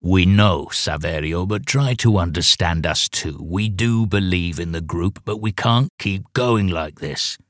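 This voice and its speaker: A man's voice: low voice, measured pace, hardly any pauses, no room sound, studio quality. A man playing a shy young cult member. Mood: timid. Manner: quiet and hesitant. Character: shy, subdued young male sect member.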